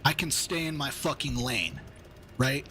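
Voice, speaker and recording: A man's voice: mid-range voice, lively intonation, unhurried, pushed and bright, a little hiss or hum. Heated, swearing man ranting. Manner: heated, profane, rambling. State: angry, steamed up. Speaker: gaming streamer. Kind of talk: casual ranting chat while gaming.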